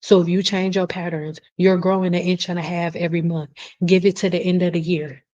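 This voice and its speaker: A woman's voice: lowish voice, level tone, a little fast, darkish tone. Passionate, blunt woman on a muffled stream. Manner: blunt, passionate, swears freely. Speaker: hair care host answering live chat. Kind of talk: casual live stream chat. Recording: dull lo-fi stream audio.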